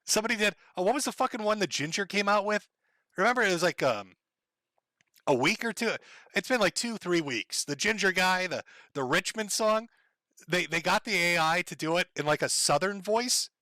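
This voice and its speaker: A man's voice: high-pitched, animated, normal speed, sharp tone, no room sound. A man with a Minnesota accent hosting a livestream, chatting casually to his viewers in a rambling, profane way, often chuckling. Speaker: livestream host.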